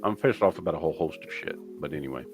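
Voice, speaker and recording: Ranting, profane podcast host, lively voice. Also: male voice, rumbling low, very fast, breathy edge, soft background music. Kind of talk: casual live-stream chat.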